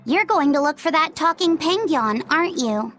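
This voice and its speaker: An eager young boy, high and lively. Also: moderate pace, soft background music. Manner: eager, wide-eyed. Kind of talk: video game voice acting.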